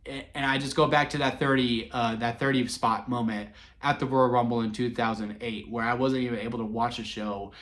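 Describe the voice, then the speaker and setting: A man in his twenties telling wrestling memories in a casual, sentimental vlog, excitable and full of fillers and restarts. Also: medium pitch, fairly quick. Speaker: wrestling vlogger. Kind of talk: casual rambling storytelling.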